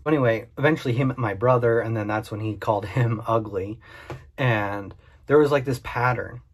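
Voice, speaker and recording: A man with a slightly husky, mid-pitched voice talks casually to the camera. He tells a story from his own working life in a candid, conversational way, full of everyday fillers. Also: moderate pace. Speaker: cleaning business owner.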